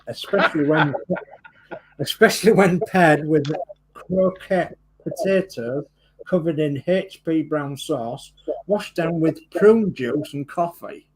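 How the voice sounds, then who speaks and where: A man's voice: on the high side, darkish tone, a little hiss or hum, rough recording. A man co-hosting a live stream, reading out viewers' greetings in a friendly way. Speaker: livestream co-host.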